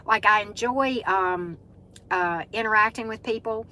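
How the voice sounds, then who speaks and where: A woman's voice: mid-range voice, a little slow, sharp tone, a little hiss or hum, rough recording. A middle-aged woman with a Southern US accent hosts a casual live-stream chat, greeting viewers by name and using lots of fillers. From Southern United States.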